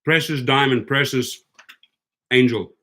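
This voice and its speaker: A man hosting a casual livestream for gig drivers, chatty and excitable, reading viewer comments aloud. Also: mid-range voice, measured pace.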